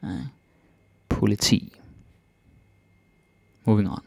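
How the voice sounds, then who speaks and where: Male language teacher, low and gravelly, relaxed chatty delivery, dry close recording. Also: no echo. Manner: relaxed, chatty, repeats phrases slowly then fast. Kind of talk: casual language lesson.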